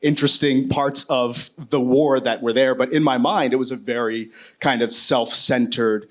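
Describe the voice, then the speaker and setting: A man's voice: mid-range voice, fairly even intonation, normal speed. A man speaking as a war correspondent on a panel, telling his story candidly and casually, with many fillers and restarts.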